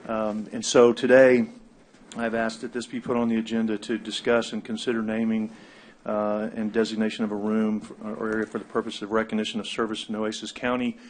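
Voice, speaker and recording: A man speaking as a county commissioner at a public meeting, halting with many fillers as he makes a motion. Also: fairly low pitch, flat delivery. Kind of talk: formal meeting remarks. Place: government meeting.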